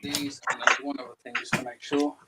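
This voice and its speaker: A man's voice: medium pitch, little pitch movement, brisk, very noisy. A man, a little out of breath, joking and teasing himself as a guest on a casual livestream. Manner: joking, self-mocking banter.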